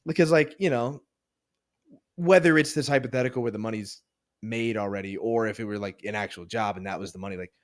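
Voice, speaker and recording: A man's voice: lowish voice, brisk. A young man co-hosting a casual podcast, chatting in a laid-back way with lots of fillers. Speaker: podcast co-host. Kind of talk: casual chat.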